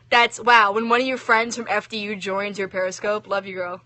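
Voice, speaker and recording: A woman's voice: mid-range voice, normal speed, hardly any pauses, sharp tone. Chatty young woman reading and chatting. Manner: chatty, giggly, lots of "like" and "um". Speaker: online story writer. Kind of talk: reading aloud and casual livestream chat.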